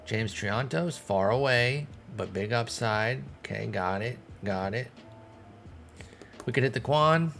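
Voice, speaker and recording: A man's voice: mid-range voice, takes it slowly, vocal fry, fairly bright tone, soft background music. A man, thinking aloud in casual commentary as he manages a baseball team in a video game. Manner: thinking aloud, talking to himself and the players. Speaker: gaming streamer. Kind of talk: casual let's-play commentary.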